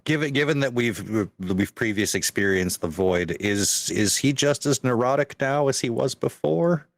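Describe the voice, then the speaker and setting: A man's voice: mid-range voice, lively intonation, moderate pace, no room sound, clean studio sound. A man player in a tabletop game, talking casually and hesitantly, with frequent fillers as he thinks. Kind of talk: casual chat about his character.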